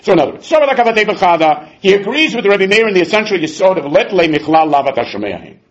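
Guy teaching talmud class, high voice that jumps all over, kinda sarcastic, muffled lo-fi recording. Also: fast talker. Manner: animated, exasperated, sarcastic teaching with Hebrew-Aramaic terms.

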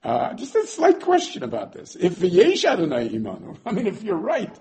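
A man putting on an exasperated young hero from scripture, who sounds incredulous and sarcastic and trips over repeated words. His voice is pitched fairly high and swoops around a lot. It is a lively, put-on voice inside a religious class. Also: normal speed, a little hiss or hum, heavily acted. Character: exasperated skeptical young male biblical hero.

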